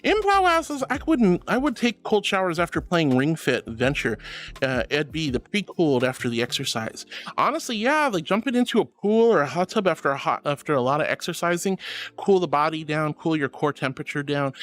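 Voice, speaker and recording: A man's voice: fairly high pitch, lively intonation, fairly quick, fairly bright tone. A bubbly, affectionate man streaming and chatting casually as he reads out viewer messages. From Florida. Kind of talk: casual chat reading messages.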